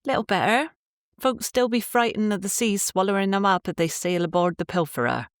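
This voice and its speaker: A woman's voice: mid-range voice, a little fast, no echo, clean studio sound, pitched above the performer's own voice, lightly acted. A woman voicing a guarded young Cornish village woman in an audiobook, giving short, subdued replies in dialect.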